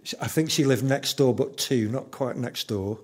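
A man's voice: mid-range voice, normal speed. A man in his fifties preaching a sermon as pastor, emphatic and repeating key lines for weight.

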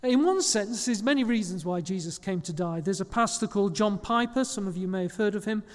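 A little fast, a pastor preaches in a casual, conversational way and now and then stops to correct a small slip. His voice sits high for a man, with the drawn-out reverb of a church hall behind him.

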